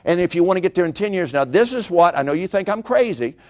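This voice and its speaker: A middle-aged man giving a motivational finance seminar, energetic and preachy, peppering his talk with rhetorical questions. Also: high voice, fast talker.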